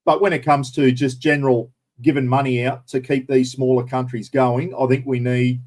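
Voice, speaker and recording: A man's voice: mid-range voice, flat delivery, moderate pace, a little mellow. Blunt Australian man ranting. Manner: blunt, opinionated ranting with mild swearing. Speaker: livestream host. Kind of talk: casual live chat with viewers.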